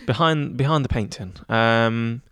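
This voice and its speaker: A young man in his twenties talking in a relaxed interview, chatty and self-deprecating with lots of fillers. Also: mid-range voice, measured pace, smooth, no echo, studio quality. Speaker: head of news at student radio. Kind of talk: casual interview chat.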